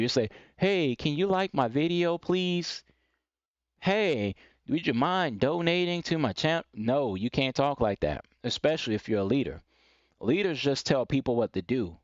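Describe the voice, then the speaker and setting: Man, preachy and blunt, mid-pitched voice, dry muffled stream audio. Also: no room sound. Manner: blunt, preachy, repeats points, mocks timid phrasing in quoted voices. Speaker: live stream host giving dating and self-improvement advice. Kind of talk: live stream monologue.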